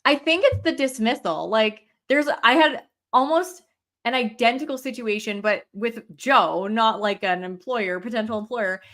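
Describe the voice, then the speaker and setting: Blunt, animated woman on a video call. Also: a little high, normal speed. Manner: animated, blunt, swears when heated. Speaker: podcast co-host. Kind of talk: casual video-call chat.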